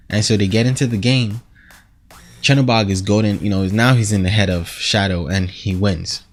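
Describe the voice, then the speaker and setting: A man giving a casual, animated TV episode recap, rambling and acting out quotes as he goes. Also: lowish voice, brisk. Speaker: show reviewer.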